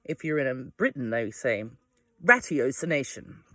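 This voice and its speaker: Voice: medium pitch, expressive, moderate pace, fairly bright tone, no room sound, clean studio sound. A vlogger with an Australian accent, talking casually at home in a digressive way and swearing easily. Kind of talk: casual rambling monologue. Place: home without power, by candlelight.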